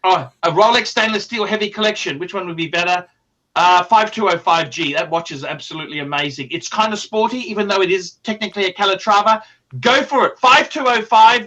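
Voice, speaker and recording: A man hosts a loose, casual livestream, reading donations aloud between rants. He talks in excitable, profane bursts. His voice sits high and sounds bright and sharp. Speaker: livestream host.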